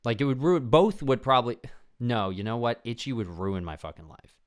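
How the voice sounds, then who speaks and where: A man's voice: medium pitch, normal speed. A young man hosting a podcast in a casual, rambling, profane chat. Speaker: podcast host.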